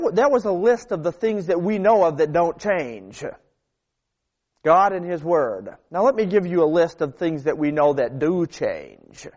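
A man preaching a sermon, emphatic, repeating phrases and letting his sentences fall to quiet, low endings. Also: muffled recording.

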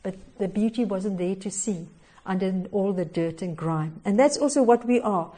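A woman's voice: mid-range voice, normal speed, mellow. A woman preaching a devotional sermon, telling a story expressively with little chuckles and hesitations.

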